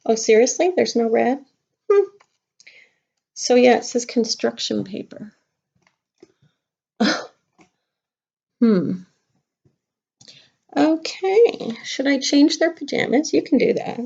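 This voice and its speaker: Gravelly voiced teacher lady chatting to kids, lo-fi home video sound. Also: on the high side, darkish tone. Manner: chatty and playful, talking to young children. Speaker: kindergarten teacher. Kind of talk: casual craft lesson to camera.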